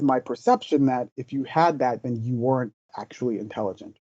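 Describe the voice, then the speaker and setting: A man's voice: medium pitch, brisk, a little mellow, dry recording, dull audio. A man who is the guest in an interview, telling personal stories in an earnest, thoughtful way. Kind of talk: reflective interview talk.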